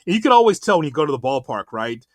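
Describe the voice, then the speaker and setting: A man's voice: a little high, very animated, very fast, dry recording. A man co-hosting a sports podcast, ranting in a fired-up way and swearing in casual chat. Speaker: podcast co-host.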